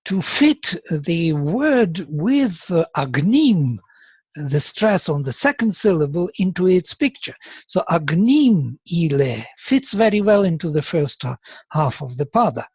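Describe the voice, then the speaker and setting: Teacher explaining meter patiently, husky voice, muffled dry sound. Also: medium pitch, darkish tone, no echo. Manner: patient, explanatory, asks for confirmation. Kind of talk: explaining to a student.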